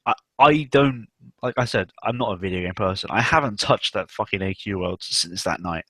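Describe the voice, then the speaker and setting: An Englishman hosts a casual online hangout, rambling, laughing often and swearing offhandedly. His voice is on the low side, animated and pushed, bright, at a moderate pace, with no echo.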